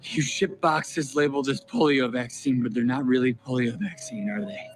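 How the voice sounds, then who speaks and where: An actor playing a menacing grown man who slowly questions a smuggler, heard in a clip from a show. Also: mid-range voice, natural voice. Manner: slow, probing questions.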